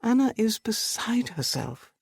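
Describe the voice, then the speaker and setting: An audiobook narrator voicing a sharp-witted young woman who speaks in a brisk, dry, teasing way. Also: medium pitch, very animated, vocal fry, husky, no room sound, pitched above the performer's own voice, full character voice. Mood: brisk, amused.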